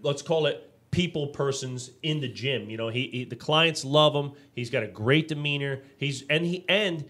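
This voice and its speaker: A man co-hosting a business podcast in a loose, conversational way. He tells stories with energy, slips into acted-out quotes and stumbles through restarts as he goes. His pitch sits in an ordinary middle range. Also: moderate pace, hardly any pauses. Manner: animated storytelling, acts out quotes; frequent restarts and fillers. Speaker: podcast co-host. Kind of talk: casual business podcast chat.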